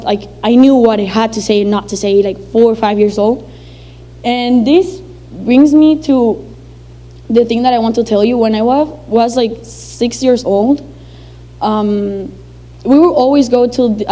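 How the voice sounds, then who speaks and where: A woman's voice: fairly high pitch, moderate pace, mellow, poor audio. A young woman from Venezuela, telling a personal story to an audience in a chatty, filler-heavy way and acting out the dialogue. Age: young adult.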